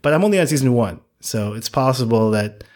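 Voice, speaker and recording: A man's voice: medium pitch, animated, a little fast, a little mellow. A man chatting casually as a podcast co-host, rambling with lots of fillers and restarts. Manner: rambling, many likes and restarts. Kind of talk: casual chat.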